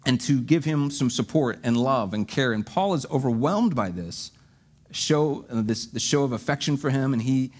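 A man's voice: mid-range voice, moderate pace, darkish tone, slightly rough. A man preaching a sermon, reading scripture and explaining it conversationally with joking asides. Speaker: pastor.

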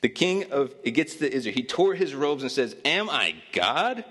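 A man's voice: mid-range voice, lively intonation, fairly quick, breathy edge. A man giving a casual, joking sermon as a pastor, telling a Bible story in an easygoing, conversational way. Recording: long reverb of a hall.

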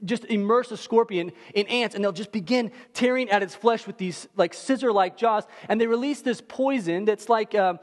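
A man preaching a sermon in an animated, conversational way, full of fillers like "like" and "right?". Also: sits high, normal speed, few pauses. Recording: long hall reverb.

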